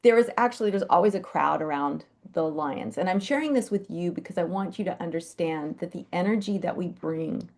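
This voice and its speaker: A woman's voice: on the low side, fairly quick, few pauses. Chatty woman telling animal stories. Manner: chatty, animated, with lively quoted asides. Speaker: animal Reiki practitioner sharing stories. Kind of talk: casual storytelling on a live call. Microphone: video call.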